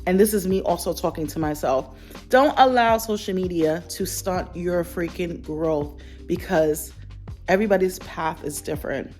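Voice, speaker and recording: A woman's voice: fairly low pitch, moderate pace, darkish tone, faint music behind. Earnest woman vlogger talking to camera. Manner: earnest, reflective, repeats phrases for emphasis. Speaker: lifestyle vlogger. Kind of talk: candid talk to camera.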